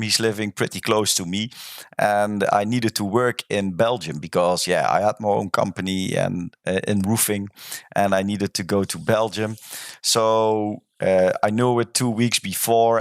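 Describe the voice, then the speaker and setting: A man's voice: lowish voice, no room sound, clean studio sound. A man hosting a podcast, chatting candidly about his time in an online game and owning up to past mistakes. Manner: candid, admits past mistakes, talks in restarts. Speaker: podcast host.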